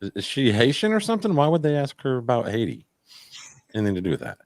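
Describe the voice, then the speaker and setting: A man's voice: medium pitch, sing-song, quick pace, a little mellow, no echo, studio quality. A man co-hosting a podcast, making sarcastic wisecracks in casual chat. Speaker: podcast co-host.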